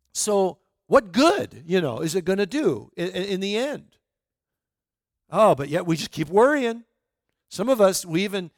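A man's voice: sits high, dry recording, clean studio sound. A man pastor preaching a sermon in a conversational way, asking his listeners rhetorical questions and restarting his sentences often.

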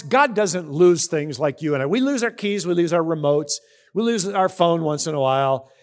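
A man's voice: fairly high pitch, expressive, normal speed. A man preaching a sermon, reading scripture aloud and explaining it in a conversational way, often asking his listeners questions. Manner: reads scripture aloud between comments. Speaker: pastor. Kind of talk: sermon teaching.

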